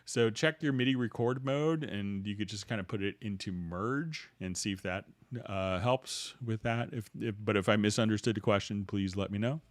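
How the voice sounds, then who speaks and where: A man hosting a livestream, walking viewers through music software and answering their questions in a loose, halting way with many restarts. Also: fairly low pitch, no echo. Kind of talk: casual screen-share tutorial, answering viewer questions.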